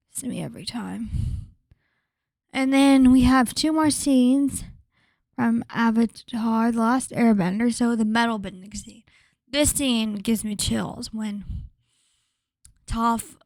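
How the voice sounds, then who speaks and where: A woman vlogger gushing in a casual, rambling way, often sinking to a breathy whisper. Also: fairly high pitch, darkish tone, no room sound. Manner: rambling with frequent fillers and restarts. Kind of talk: casual vlog commentary.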